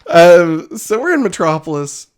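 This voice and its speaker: A woman's voice: on the low side, a little slow, clean tone. A woman co-hosting a podcast, chatting casually and breaking into laughter often. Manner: giggly, animated, keeps breaking into laughter. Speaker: podcast co-host. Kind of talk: casual chat.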